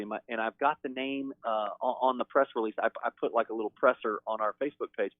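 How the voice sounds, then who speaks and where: A man speaking as a guest on a call-in show, talking in an excited, emphatic way. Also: mid-range voice, dry recording. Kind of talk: call-in interview. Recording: tinny phone line.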